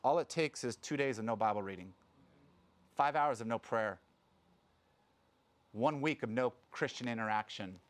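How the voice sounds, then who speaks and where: Man preaching in a lively conversational way. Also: mid-range voice, moderate pace, pauses often. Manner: conversational, animated preaching with sudden loud acted quotes. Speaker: pastor. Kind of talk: sermon.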